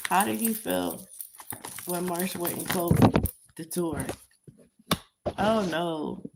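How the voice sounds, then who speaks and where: A woman's voice: on the low side, drawn-out words, heavy background noise. A woman giving a casual tarot reading commentary, talking in an emphatic, repetitive way and chuckling at her own remarks. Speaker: tarot reader.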